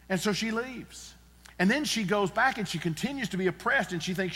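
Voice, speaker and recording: A man preaching in a church sanctuary, earnest and emphatic, driving his points home through repetition. His voice sits a touch high for a man and rings with the long reverb of a large hall. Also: a little fast, bright, forceful tone, husky. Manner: earnest, emphatic, repeats key phrases. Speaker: pastor. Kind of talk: sermon.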